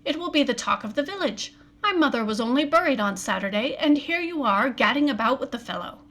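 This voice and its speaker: An upset middle-aged husband, as a woman reading aloud puts him on. He speaks in forceful, raised outbursts. It is read as a novel scene. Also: high-pitched, animated, brisk. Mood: angry.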